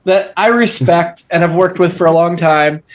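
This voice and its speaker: A man's voice: on the high side, steady tone, moderate pace, a crowd in the background. A man co-hosting a casual podcast discussion, talking animatedly and arguing his point firmly. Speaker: podcast co-host.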